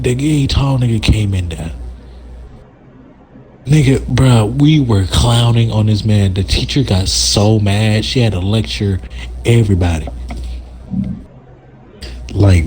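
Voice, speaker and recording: A man's voice: on the low side, mellow. A man telling a story from school in a casual chat with a friend, slangy and exaggerated, laughing as he goes.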